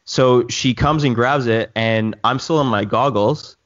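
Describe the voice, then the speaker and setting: A man telling a long story in casual chat with friends, rambling and animated with many restarts. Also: mid-range voice, a little slow, lo-fi sound. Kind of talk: casual chat among drone pilots.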